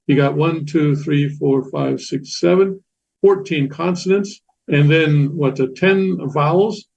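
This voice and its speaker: Patient man teaching, slightly high voice. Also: a little mellow. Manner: patient, repetitive, many fillers and restarts. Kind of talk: classroom lecture explaining Korean letters. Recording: dull lo-fi sound.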